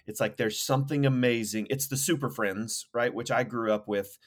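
A man's voice: mid-range voice, moderate pace. A man co-hosting a podcast, talking through ideas casually and enthusiastically, with many fillers and restarts. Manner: enthusiastic, thinking aloud with fillers. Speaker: podcast co-host. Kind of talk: casual conversation.

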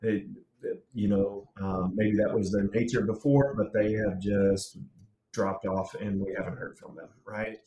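A man's voice: fairly low pitch, steady tone, measured pace, warm tone. A man in casual conversation, rambling and restarting, laughing often. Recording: roomy and distant from mic.

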